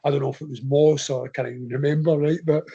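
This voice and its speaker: Quick-paced and warm, with a fairly high pitch, even intonation and a slightly rough quality, this Scottish-accented ultra runner guests on a podcast. He rambles casually through an anecdote, chatting and laughing a lot, over slightly dull lo-fi audio.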